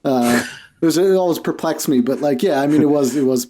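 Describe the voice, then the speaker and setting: A man's voice: a little high, fairly quick, dark tone. A man hosting a podcast, chatting loosely and often saying "you know". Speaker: podcast host. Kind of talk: casual podcast chat.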